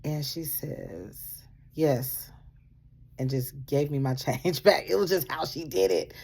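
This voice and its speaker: A woman casually telling a personal story, animated, acting out what people said and laughing often. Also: low-pitched, unhurried, husky. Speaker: vlogger sharing a faith testimony.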